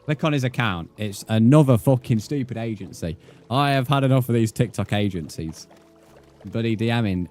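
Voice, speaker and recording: A man's voice: mid-range voice, expressive, moderate pace, darkish tone, soft background music. A man livestreaming a game, chatting bluntly and swearing as he reads out his chat. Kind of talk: casual live gaming stream chat.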